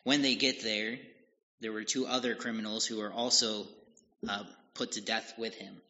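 A man preaching a sermon, slowly retelling a scripture passage and explaining it, in a deliberate manner. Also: lowish voice, level tone, sharp tone. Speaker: pastor. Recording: dull lo-fi audio with long hall reverb.

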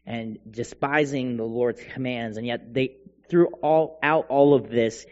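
A man preaches a sermon and retells the passage with lively back-and-forth dialogue. His voice carries a long hall reverb. The sound is dull and muffled. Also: medium pitch. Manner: animated retelling, voicing God and Israel in dialogue.

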